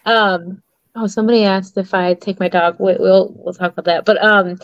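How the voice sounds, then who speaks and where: Woman, casual podcast chat, excitable, rambling, dry close sound, slightly dull audio. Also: medium pitch, normal speed, no echo. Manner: excitable, rambling, acts out quotes. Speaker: co-host of a paranormal podcast.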